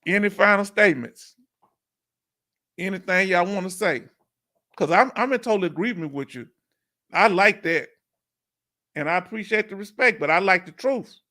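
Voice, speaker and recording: A male live-stream host with a high voice keeps the chat going in a casual way. He's animated, stretches out words for emphasis, and throws questions at his viewers.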